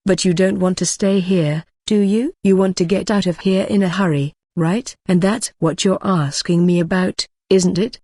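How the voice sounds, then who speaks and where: A woman voicing a blunt, deadpan young woman apothecary in an audiobook. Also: on the low side, moderate pace, few pauses, dry recording. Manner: dry, flat and matter-of-fact.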